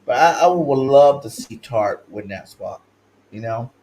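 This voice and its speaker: A man from California hosting a livestream sports talk show, slangy and hyped, swinging between loud shouted chants and low mumbled asides. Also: expressive, measured pace, low-quality recording. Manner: slangy, repeats catchphrases.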